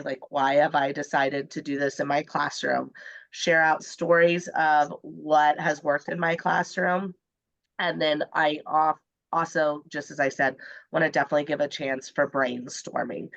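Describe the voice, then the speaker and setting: A woman in her forties, a junior high math teacher, giving a candid, chatty presentation to other teachers while congested from the flu. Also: a bit bright, no room sound, dull audio. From Indiana, US. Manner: candid, chatty, many ums. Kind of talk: webinar presentation. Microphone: computer mic on a video call.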